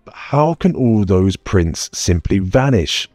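Felix: man reading sarcastic young adventurer, lively delivery, dry recording. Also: fairly low pitch, slow, no echo. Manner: articulate, sarcastic. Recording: dry close mic, faint music bed.

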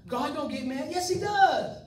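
A man's voice: extremely high pitch, animated, normal speed. A man preaching a sermon to his congregation in a folksy style, with joking asides to the crowd. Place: church sanctuary. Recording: echoey room, voice from far off mic.

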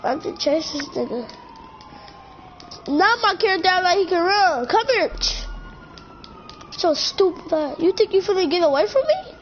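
A woman's voice: extremely high pitch, big pitch swings, moderate pace, pauses often. A woman, trash-talking and swearing playfully while commenting on her gameplay. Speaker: gamer. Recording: dull lo-fi mic with faint background noise.

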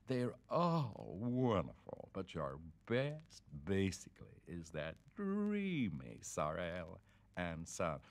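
A breathless, effusive rich middle-aged lady fawning over a guest, as a deep-voiced male reader puts her on. She stretches her words out, all flutter and gush. Her voice rides high over a man's naturally low register. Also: huge pitch swings, slow, gravelly, heavily acted. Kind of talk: acted quote in a dramatic reading.

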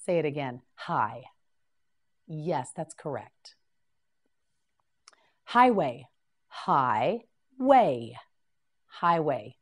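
A woman with a lowish voice leads a scripted English vocabulary drill. She speaks very slowly, repeating each word clearly and prompting the listener to repeat it. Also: big pitch swings.

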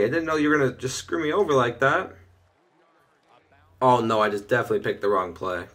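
A young man casually commenting on his own gameplay from his bedroom, chatting through each play and getting loud and excited when things go well. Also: mid-range voice, a little fast, pauses often. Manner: excitable, shouts and laughs at big plays. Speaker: gaming video host. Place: bedroom at home.

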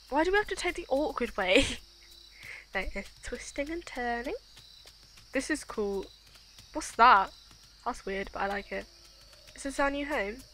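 A woman giving chatty, excitable, giggly commentary while she plays a video game. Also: on the high side, a little hiss or hum. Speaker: gaming channel host. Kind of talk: let's play commentary.

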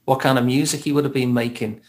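A Scouse man from Liverpool, England, a therapist guesting on a podcast, chats casually and reflectively, laughing lightly as he goes. His voice is medium in pitch, steady and darkish, and he talks at a quick pace.

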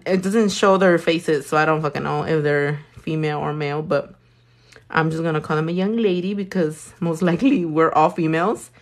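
A woman doing nails while talking casually to a live audience, blunt and profane, full of slang. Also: fairly low pitch. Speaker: nail artist.

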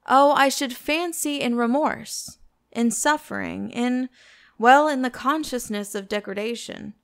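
A woman's voice: sits high, measured pace, voice pushed up. A woman voicing an earnest, serious male painter with a grave manner in an audiobook.

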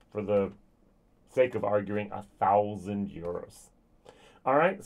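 A man giving a casual spoken whisky tasting review, chatty and thinking aloud with frequent ums and restarts. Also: mid-range voice. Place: lives in Germany.

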